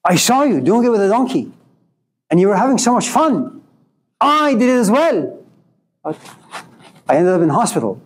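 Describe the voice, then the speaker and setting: A man voicing an envious, excitable middle-aged housewife with a breathless, incredulous manner. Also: high-pitched, normal speed, husky, pitched above the performer's own voice, exaggerated voice. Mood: indignant.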